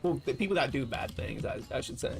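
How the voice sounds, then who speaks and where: A man's voice: medium pitch, sing-song, fast talker, gravelly, faint music behind. A man streaming while gaming, thinking aloud in loose, rambling casual chat with frequent swearing. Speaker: livestreamer.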